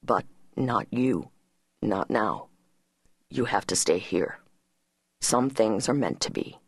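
A woman voicing a steady, gentle grown man who speaks softly but firmly. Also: slow, gravelly, breathy edge, no echo, studio quality, exaggerated voice. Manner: soft, low and firm.

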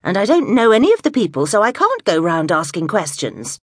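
A woman's voice: mid-range voice, huge pitch swings, a little fast, no room sound, voice pushed up. Woman voicing a wry, weary amateur sleuth. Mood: firm. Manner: dry, weary, firm. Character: wry, reluctant middle-aged amateur sleuth. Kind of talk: audiobook dialogue.

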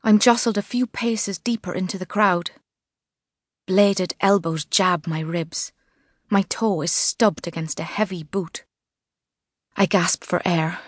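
A woman's voice: fairly low pitch, fairly even intonation, no echo. Woman narrating an audiobook, dry studio. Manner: measured, vivid literary reading. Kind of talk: scripted first-person narration. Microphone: studio mic.

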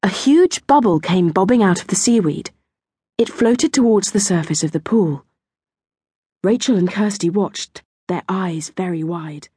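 A woman narrating a children's audiobook in a gentle storytelling manner. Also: lowish voice, measured pace, husky, dry recording, studio quality. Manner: gentle storytelling, lively intonation. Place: recording studio. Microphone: close studio mic.

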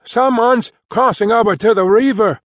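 A man's voice: high voice, lively intonation, takes it slowly, dry recording, clean studio sound, pitched above the performer's own voice, full character voice. A man doing an eager young ship's lad. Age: young adult. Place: dry studio booth.

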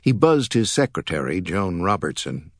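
A man narrating a thriller audiobook in a measured, expressive storytelling way, recorded on a close studio mic. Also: sits low, no room sound. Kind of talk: scripted narration.

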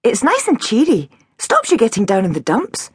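A woman voicing a bold, indignant nine-year-old girl who talks bluntly and cheekily, pitched well above her own voice. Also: huge pitch swings, moderate pace, slightly rough, no echo, heavily acted.

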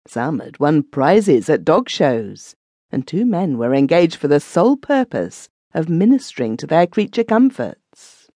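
Lady reading an old london story aloud, lively up and down pitch, soft mellow tone, dry close sound. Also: no room sound. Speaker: audiobook narrator. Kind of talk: scripted narration.

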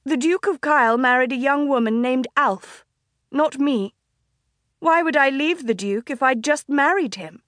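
Dignified young lady read by a woman narrator, clear and firm, pitched a little higher than the narration, dry close read. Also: measured pace, a bit bright, no echo. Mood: insistent. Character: young noblewoman captive, proud and defiant.

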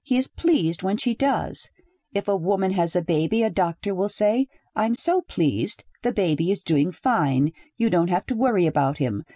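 A woman's voice: mid-range voice, expressive, moderate pace, warm tone, no echo, clean studio sound, lightly acted. A woman voicing a young wife who speaks in a breathless, rising, pleading way. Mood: hurt, pleading. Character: young newly married woman, eager then hurt.

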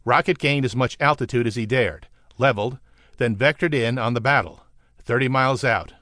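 A man narrating an adventure audiobook in a steady, vivid storytelling manner. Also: medium pitch, normal speed, dry recording, clean studio sound. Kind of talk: scripted narration.

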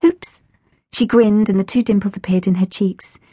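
Woman, children's audiobook narrator, gentle and expressive, breathy tone, mid pitch, dry close studio sound. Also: a little fast, no echo. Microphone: close studio microphone.

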